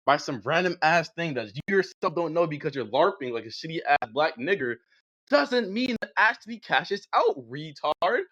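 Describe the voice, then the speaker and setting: A man's voice: a little high, big pitch swings, normal speed, fairly bright tone, no room sound. A young man in a heated online voice-chat debate, ranting aggressively and hurling insults at his opponent over a dull, lo-fi line.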